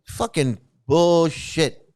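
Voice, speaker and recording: A man's voice: fairly high pitch, very slow, music in the background. A middle-aged man talking casually and at length, rambling and swearing, often stammering and breaking into laughter. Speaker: channel host commenting on a cult. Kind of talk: casual livestream commentary.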